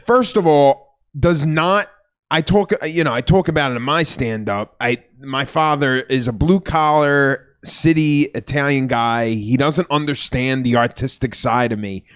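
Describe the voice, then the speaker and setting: A man co-hosting a comedy podcast, enthusiastic and swearing, quick to laugh as he talks. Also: mid-range voice, fairly bright tone, clear, resonant tone. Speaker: podcast co-host. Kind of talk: casual podcast chat.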